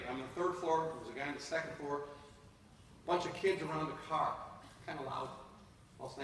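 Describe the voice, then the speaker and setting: Lively storyteller guy in his 50s talking to a crowd, big reverb, mic far off, faint room hum. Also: a little high. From North Dakota. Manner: animated, addresses the audience directly. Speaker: speaker telling a personal story to an audience. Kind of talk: live storytelling. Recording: echoey hall from far off.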